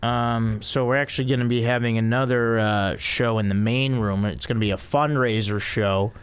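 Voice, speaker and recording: A man with a smooth, clear voice at an ordinary middle pitch hosts a casual podcast chat. He pokes at his guest with dry, deadpan teasing and keeps the talk moving with questions. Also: normal speed, dry recording. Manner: teasing, dry jokes, asks prompting questions. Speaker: podcast host, comedian.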